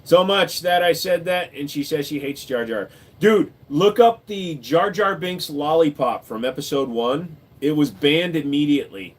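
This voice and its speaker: Man, livestream host answering chat, relaxed and jokey, casual swearing. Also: on the high side, a little slow, few pauses. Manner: laid-back, joking, swears casually, lots of "uh" and "dude".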